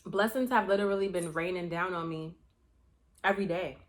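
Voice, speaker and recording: A young adult woman vlogger chatting casually to her viewers, telling a story in an animated way with slang and swearing. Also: lowish voice, fairly quick. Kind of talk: casual chat to camera.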